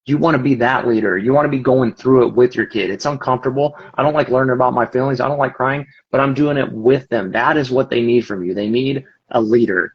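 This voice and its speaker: Earnest husky-voiced man, muffled audio. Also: mid-range voice. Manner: earnest, emotional, talks in restarts. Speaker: firefighter and father, guest. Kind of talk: casual conversation.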